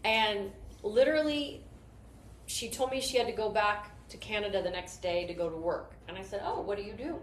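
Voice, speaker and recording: A woman's voice: mid-range voice, normal speed. A woman leading a network marketing team, telling stories in an enthusiastic, rambling motivational talk. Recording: roomy echo with faint noise.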